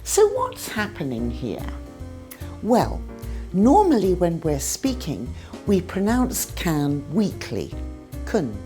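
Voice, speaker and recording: British woman, English teacher, unhurried, clear exaggerated modelling of words. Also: on the low side, wildly swooping pitch, warm tone, faint music behind. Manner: careful, exaggerated demonstrations of sounds. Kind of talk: scripted pronunciation lesson.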